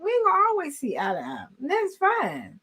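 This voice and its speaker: Lively high-voiced woman telling stories. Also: normal speed. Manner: animated storytelling, acting out quarrels. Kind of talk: casual chat.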